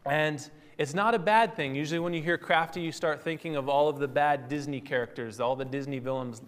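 A man teaches through scripture in a relaxed, teacherly way, stopping to correct himself as he goes. His voice sits a little high for a man. The sound rings with a long hall reverb. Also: brisk, clean tone. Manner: conversational, teacherly, with fillers and self-corrections. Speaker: Bible teacher. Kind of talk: sermon.

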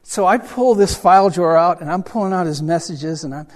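An older male pastor with a fairly high voice tells a story from the pulpit, chatty and animated, and pokes fun at himself. His words ring out with a long hall reverb, as if spoken in a large room with a congregation. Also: brisk. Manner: chatty and animated, with self-deprecating humor. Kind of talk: storytelling sermon.

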